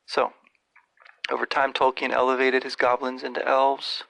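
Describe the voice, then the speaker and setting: A man hosting a podcast, giving thoughtful, digressive literary commentary in a measured way. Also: medium pitch, completely flat delivery, gravelly, fairly bright tone, rough recording. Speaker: podcast host.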